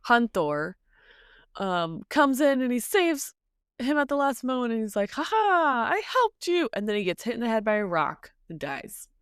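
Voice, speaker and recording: A woman co-hosting a podcast, chatting casually and hesitantly with lots of ums, retelling a story and popping into high voices for the characters. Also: lively intonation, normal speed, clean tone, no echo, clean studio sound. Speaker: podcast co-host. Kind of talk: casual book-discussion chat.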